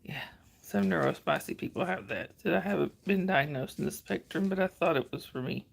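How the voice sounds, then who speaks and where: A middle-aged woman with a Southern drawl and a gravelly, creaky voice, rambling casually on a home livestream. Her voice sits on the low side, and she stops often to answer viewers' comments. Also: fairly quick. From northern Georgia, US. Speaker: livestream host.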